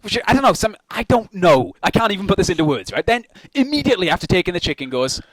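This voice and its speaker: A man's voice: high-pitched, fast talker, no echo, low-quality recording. A young man in casual chat who tells a story with swearing and laughter. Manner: animated, swearing, laughing while telling a story. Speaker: co-host.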